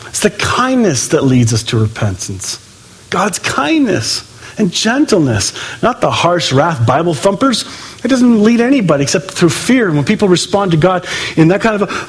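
A man preaching a sermon in an animated way, acting out quoted voices and swinging between loud and hushed delivery. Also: sits high, normal speed, breathy edge. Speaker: pastor.

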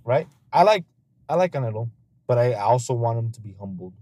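Dude hosting a podcast, mellow dark voice, cussing and laughing as he rambles on. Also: mid-range voice, lively intonation, fairly quick. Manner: loose, profane storytelling; laughs often. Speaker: podcast host. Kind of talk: casual podcast chat.

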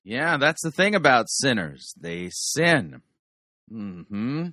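Man, sermon reviewer, blunt commentary, bright tone, dry close recording. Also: medium pitch, big pitch swings, slow pace, no echo. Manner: blunt, doctrinal interjections.

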